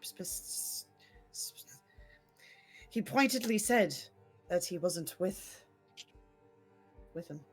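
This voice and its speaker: A woman's voice: lowish voice, expressive, drawn-out words, pauses often, breathy edge, faint music behind. A woman playing a tabletop game, chatting bluntly and swearing freely. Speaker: player. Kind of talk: casual tabletop chat.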